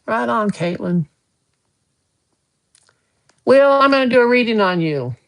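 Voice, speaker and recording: A man giving a casual live tarot reading, gentle with folksy joking asides. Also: very high voice, lively intonation, unhurried, gravelly. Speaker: tarot card reader.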